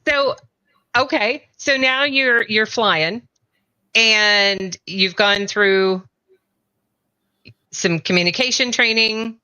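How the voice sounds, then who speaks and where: Bright, dry-sounding middle-aged woman host. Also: medium pitch, takes it slowly, pauses often, clean tone, dry recording. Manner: chatty, rambling questions with fillers and laughter. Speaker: interview host. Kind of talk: conversational interview.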